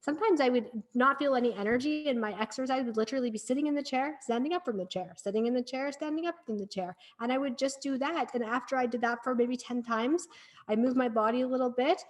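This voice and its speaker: Earnest, encouraging woman, slightly high voice. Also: fast talker. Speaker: podcast guest, breathwork practitioner. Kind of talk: casual podcast conversation.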